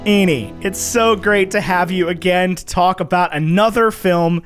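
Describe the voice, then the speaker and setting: A man's voice: sits high, moderate pace, fairly bright tone, soft background music. A man hosting a casual movie podcast, jokey and playful as he chats with a guest. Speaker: podcast host.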